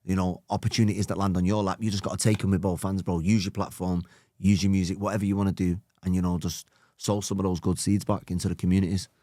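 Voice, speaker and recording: A man hosting a podcast, reflective and encouraging, with many casual fillers. His voice sits fairly low. The recording is close and dry. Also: flat delivery, quick pace, mellow, dry recording. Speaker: podcast host, coach.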